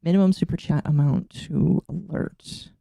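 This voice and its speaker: A woman's voice: sits low, moderate pace, creaky, mellow, dry recording, clean studio sound. A woman VTuber streamer chatting casually to her live audience, flustered and exasperated as she fiddles with her settings and talks to herself.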